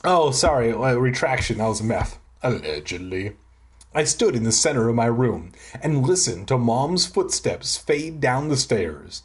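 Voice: mid-range voice, big pitch swings, a little slow. A reader narrating a children's book aloud, adding sarcastic, profane asides. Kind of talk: audiobook reading with crude comic asides.

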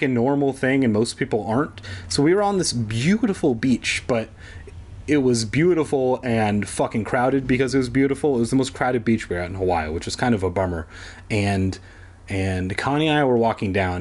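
A man reading a children's book aloud as a comedy bit, putting on voices for the characters and breaking off into sarcastic, swearing asides. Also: lowish voice. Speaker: podcast host reading a kids' book aloud. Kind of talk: comedic read-along with rambling asides.

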